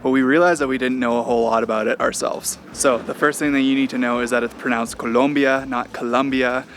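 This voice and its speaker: A man's voice: medium pitch, fairly even intonation, quick pace, fairly bright tone, a little hiss or hum. A man travel vlogger narrating in a friendly, informative way.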